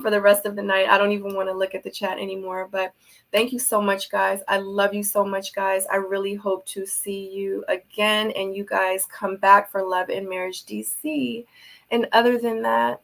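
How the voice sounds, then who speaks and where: Gravelly-voiced woman closing a livestream. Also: mid-range voice, a bit bright. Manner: affectionate, chatty, easily emotional. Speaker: livestream host. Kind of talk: casual livestream sign-off.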